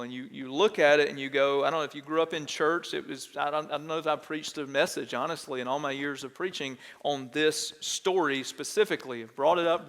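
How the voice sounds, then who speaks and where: Recorded in a large hall, this preacher from Texas keeps his sermon conversational, posing questions to the congregation in the sanctuary as he goes. His voice is a little high and slightly bright.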